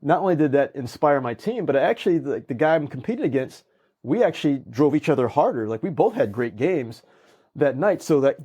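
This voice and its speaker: A man, a guest speaker, telling stories in casual conversation and acting out quoted lines with energy. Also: medium pitch. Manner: animated, acts out quoted lines. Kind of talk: conversational storytelling.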